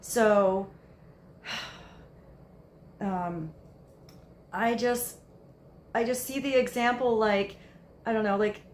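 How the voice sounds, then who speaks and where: A woman's voice: mid-range voice, drawn-out words, long pauses, reverberant, slight background noise. A woman giving a casual tarot reading, musing aloud in a rambling way with many fillers. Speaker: tarot card reader.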